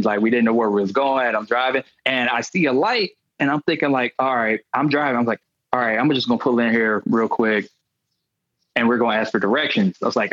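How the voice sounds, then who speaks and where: A male comedian guest telling comic stories in an animated way, acting out the voices of the people in them. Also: medium pitch, no room sound, dull audio. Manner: animated, acts out quoted voices. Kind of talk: comic storytelling.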